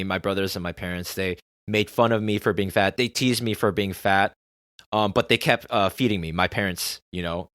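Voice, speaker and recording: A man's voice: lowish voice, a bit bright, clean tone, no room sound, studio quality. A man hosting a podcast in a candid, confessional personal monologue, swearing freely. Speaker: podcast host.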